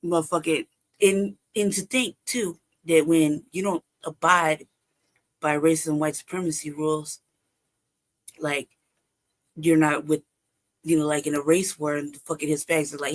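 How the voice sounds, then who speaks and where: A woman's voice: low-pitched, steady tone, moderate pace, long pauses. A woman hosting a live stream, telling a personal story in casual, profane talk, often laughing and acting out past exchanges. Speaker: livestream host.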